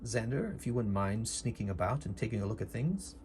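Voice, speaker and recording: A man's voice: fairly low pitch, animated, brisk, a little mellow, slight background noise, natural voice. A man voicing a pompous upper-class male doctor in a solo tabletop game, using a put-on posh accent. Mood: genteel.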